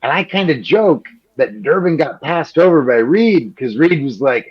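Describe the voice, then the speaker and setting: Animated male journalist from Chicago. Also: mid-range voice, breathy edge. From Chicago, Illinois. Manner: animated, quick, peppered with "like", acts out quoted politicians. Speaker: journalist guest. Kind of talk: conversational interview answers. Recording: slightly muffled lo-fi audio.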